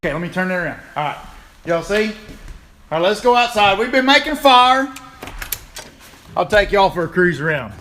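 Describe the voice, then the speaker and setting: A man's voice: high voice, lively intonation, moderate pace, long pauses, pushed and bright. Folksy, chatty man. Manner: folksy, chatty, greets viewers by name. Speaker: livestreaming channel host. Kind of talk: casual live stream chat. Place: home, walking around the yard outdoors. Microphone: phone held in hand.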